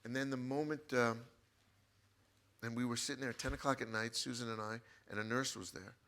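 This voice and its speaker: A man's voice: mid-range voice, fairly even intonation, fairly quick, a bit bright. A man, a book author as a guest, telling an emotional personal story in an earnest way and repeating his phrases.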